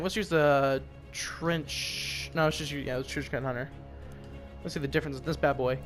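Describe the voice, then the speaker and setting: A young man from the United States with a slightly high voice rambles through loose, profane gameplay commentary. He hops from one topic to the next with offhand asides. Clear music plays behind him. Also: fairly quick, a bit bright. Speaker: gaming commentator. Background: music and gunfire from a game.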